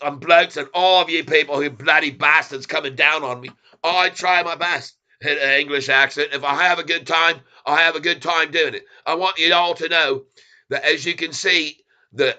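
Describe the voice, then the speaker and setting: Man doing a boastful English bloke, overdone accent, high and bright. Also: clean tone. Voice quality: exaggerated, clumsy English accent. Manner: loud, boastful, slangy. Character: brash cockney-style English bloke, swaggering adult man.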